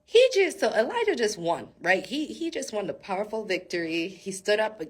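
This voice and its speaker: A woman giving a casual, animated Bible-story sermon. She laughs often and talks straight to her viewers. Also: medium pitch, moderate pace, husky. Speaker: faith speaker.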